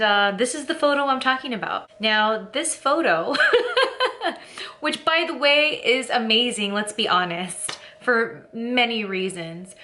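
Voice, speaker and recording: A woman's voice: medium pitch, bright, forceful tone, slight background noise. A young woman from California chatting casually to camera as a vlogger, rambling and candid, with lots of fillers and laughing at herself.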